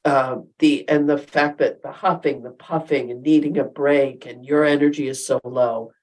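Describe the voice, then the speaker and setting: Brief: deep-voiced woman co-host, firm and emphatic, conversational. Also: steady tone, moderate pace, a little mellow, poor audio. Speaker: podcast co-host. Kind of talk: casual chat.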